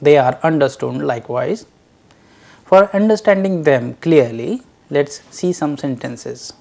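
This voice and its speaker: A man giving a recorded lecture, teaching slowly and deliberately and drilling short example phrases. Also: fairly high pitch, creaky.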